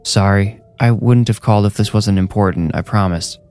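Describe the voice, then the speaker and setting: A man's voice: on the low side, normal speed, darkish tone, faint music behind, lightly acted. A man voicing a shaky, nervous young guy. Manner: shaky and apologetic. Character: nervous young male coworker.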